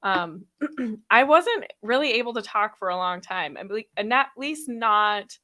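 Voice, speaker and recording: A woman in her thirties hosting a podcast live stream, talking fast and chatty with frequent laughs, her throat a little sore after being ill. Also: a little high, animated, bright, forceful tone. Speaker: podcast host. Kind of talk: casual live stream chat.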